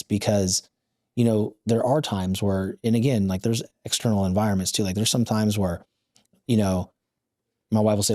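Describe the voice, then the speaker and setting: A man hosting a podcast interview, talking reflectively in a halting way. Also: fairly low pitch, fairly even intonation, mellow, no echo, clean studio sound. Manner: reflective, halting, restarts often. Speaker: podcast host.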